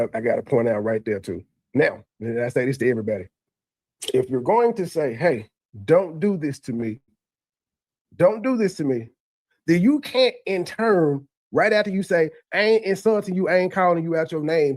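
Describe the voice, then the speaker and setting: A man's voice: a little high, darkish tone, no echo. Stammering man reacting to a replayed clip. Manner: repetitive stammering restarts, conversational. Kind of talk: casual reaction commentary.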